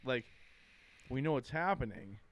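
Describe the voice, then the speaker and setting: A man's voice: medium pitch, lively intonation, a little slow. A young man in a casual podcast chat, joking around and throwing in cartoon quotes.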